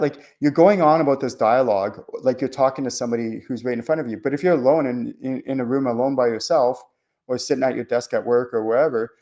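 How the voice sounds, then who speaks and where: A man hosting a spiritual show, talking casually in a rambling, animated way with many fillers and restarts. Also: medium pitch, quick pace. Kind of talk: casual teaching monologue.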